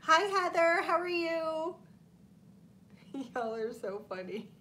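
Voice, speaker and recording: A woman's voice: very high-pitched, very animated, takes it slowly, pushed and bright, a little hiss or hum. A woman in her thirties hosting a casual livestream, chatting with viewers, reading their comments aloud and laughing often. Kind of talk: casual live chat.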